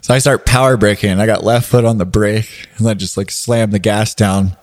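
A man who is an adaptive athlete, telling stories in a relaxed podcast chat with frequent laughter. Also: fairly low pitch, fairly quick. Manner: laughing, animated storyteller. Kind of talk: casual storytelling.

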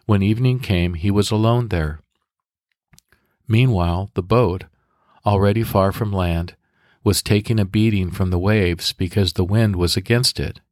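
A man with a deep voice hosts a devotional podcast, guiding prayer and a scripture meditation. He speaks at a calm, measured, instructive pace. The sound is dry and close, with no room around it. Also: no room sound.

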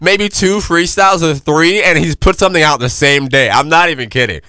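A man hosts a casual podcast, his voice bright and forward. He talks loosely, full of slang and fillers, in a crisp, smooth tone. The sound is dry and close to the mic. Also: on the high side, fairly quick, no room sound. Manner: laid-back, loose slangy delivery with many fillers. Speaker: podcast host.

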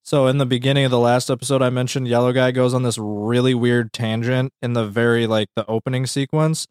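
A man co-hosting a podcast, jumping in with quick casual remarks. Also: medium pitch, little pitch movement, clear, resonant tone, no room sound, clean studio sound. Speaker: podcast co-host.

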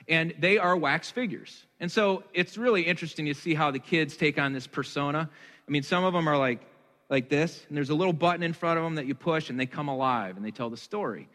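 A male pastor in his thirties with a bright, ringing voice gives a sermon. His voice sits a little higher than most men's. Long reverb trails behind him, as in a large hall. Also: fairly quick. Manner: conversational, with rhetorical questions and self-deprecating asides.

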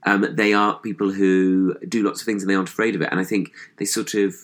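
A man's voice: deep voice, flat delivery, fast. A young man with a posh English accent, chatting as a comedian guest in an interview, thoughtful and hesitant with many fillers. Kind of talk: casual interview chat.

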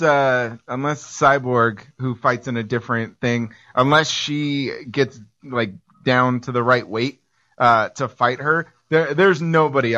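Bright, excitable male podcast co-host. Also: mid-range voice. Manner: excited, laughing, swears casually. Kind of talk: casual chat. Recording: dull lo-fi sound.

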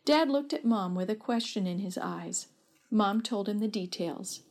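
A woman's voice: mid-range voice, expressive, measured pace, a little mellow. Woman reading a storybook aloud. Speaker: narrator.

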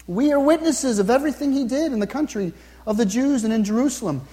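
Earnest high-voiced male preacher. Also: lively intonation, mellow. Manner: earnest, repeats questions to the listener, slows down to read scripture. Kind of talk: sermon. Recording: long reverb, hall-like.

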